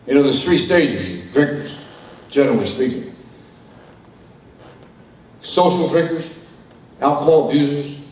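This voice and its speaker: An older man from New York giving a candid, blunt personal testimony at a conference, telling his story with salty language. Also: medium pitch. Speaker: conference speaker. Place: large conference hall. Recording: echoey hall, mic from far off.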